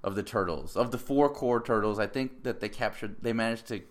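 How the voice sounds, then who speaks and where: A man co-hosting a casual movie review chat, rambling and opinionated, who now and then mocks characters in squeaky put-on voices. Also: fairly quick. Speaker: podcast co-host.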